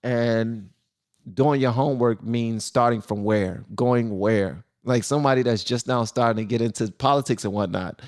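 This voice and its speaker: A man's voice: on the low side, darkish tone. A man hosting a casual live stream and talking loosely, with many fillers and restarts.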